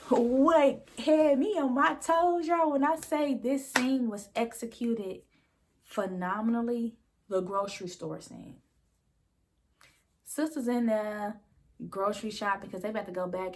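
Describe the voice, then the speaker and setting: Woman, TV recap host, opinionated, animated, acts out characters' lines, slightly high voice. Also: measured pace. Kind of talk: casual TV recap commentary.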